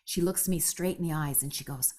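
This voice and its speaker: A woman in her fifties telling her story as a podcast guest, animated and casual, peppering her talk with "right?" and the odd swear word. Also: brisk. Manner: animated, acts out quoted voices with big pitch jumps. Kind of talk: conversational storytelling.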